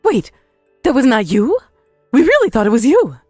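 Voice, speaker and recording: Woman acting older mother-in-law, self-pitying, blaming, higher voice, very animated. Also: no echo, studio quality, soft background music, exaggerated voice. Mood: confused. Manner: defiant, self-pitying, quick to blame. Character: shameless older mother-in-law, blames others. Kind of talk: dramatized story voice acting.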